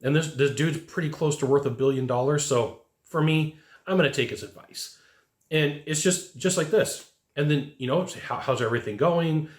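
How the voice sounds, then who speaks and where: A man's voice: a little high, moderate pace. Earnest sales coach man in an echoey room. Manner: earnest, emphatic, quotes others in a raised voice. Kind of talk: motivational talk to camera.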